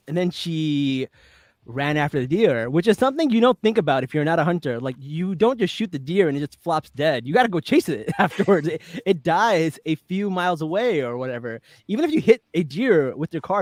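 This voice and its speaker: Upbeat male podcast host, higher voice, dry close recording, laughs through his recap. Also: big pitch swings, brisk, no echo. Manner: chatty, laughs often while retelling. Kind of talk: casual chat, recapping an episode.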